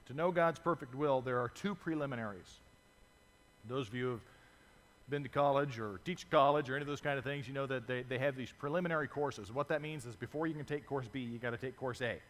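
A man preaching a sermon as pastor, telling stories with lively acted-out voices and reading scripture to his congregation. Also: medium pitch, quick pace, long reverb tail. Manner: animated storytelling, acts out voices in stories.

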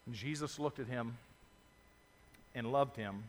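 A man preaching a sermon as pastor, telling stories with lively acted-out voices and reading scripture to his congregation. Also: medium pitch, unhurried, pauses often, long reverb tail. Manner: animated storytelling, acts out voices in stories.

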